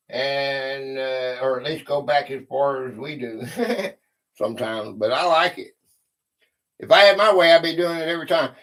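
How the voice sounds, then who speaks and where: Man, livestream host, high voice, unhurried, chatty. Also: sharp tone. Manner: chatty, greets viewers by name, thinks aloud. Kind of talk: casual livestream chat.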